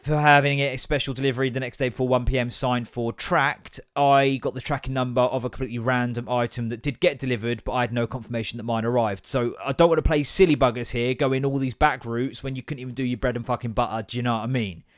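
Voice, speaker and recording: A man's voice: mid-range voice, fast, hardly any pauses, dry recording, clean studio sound. Sweary man telling stories. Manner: sweary, animated, sarcastic. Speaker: podcast host. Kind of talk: comic storytelling monologue. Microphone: podcast microphone.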